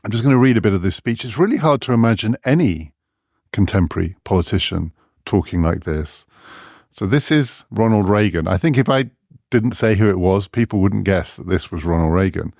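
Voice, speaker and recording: A man's voice: lowish voice, expressive, a little fast, creaky, darkish tone, no echo, clean studio sound. A man co-hosting a podcast, talking in a thoughtful, reflective way. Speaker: podcast co-host. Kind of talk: conversational discussion.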